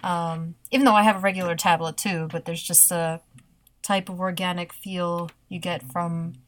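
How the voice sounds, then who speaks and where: A woman's voice: fairly low pitch, flat delivery, normal speed, a bit bright. A woman in casual podcast chat, talking hesitantly with many fillers and small laughs.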